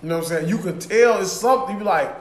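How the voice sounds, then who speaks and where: A man's voice: high-pitched, very fast, reverberant. A man co-hosting a podcast, talking loosely and profanely and laughing often. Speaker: podcast co-host. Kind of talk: casual chat.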